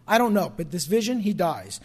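A man's voice: high voice, sing-song, a little fast, a little mellow, husky. A man preaching a sermon as pastor, talking conversationally and asking the congregation questions.

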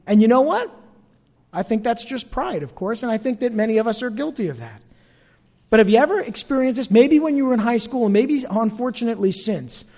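A man's voice: high-pitched, darkish tone, big-room sound. A man with a North Jersey accent, preaching a sermon in a chatty way, full of asides and questions to the congregation. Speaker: pastor.

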